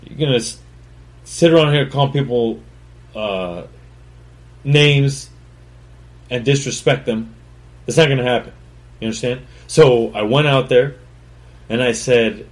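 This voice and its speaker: A man's voice: mid-range voice, unhurried, pauses often. A man, a chef and podcast host, telling a story in a blunt, profane, boastful way and rambling with fillers and restarts. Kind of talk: casual solo storytelling.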